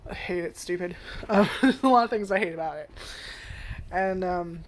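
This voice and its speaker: A woman's voice: fairly low pitch, normal speed. A woman casually reviewing an anime, rambling with lots of "like" and swearing freely as she acts out character lines. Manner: lots of "like" and restarts.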